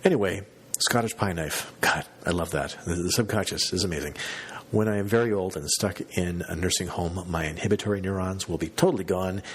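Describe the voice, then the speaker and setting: Low husky storytelling man. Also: fairly quick. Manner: animated, self-mocking storyteller. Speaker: podcast host. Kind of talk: casual storytelling monologue.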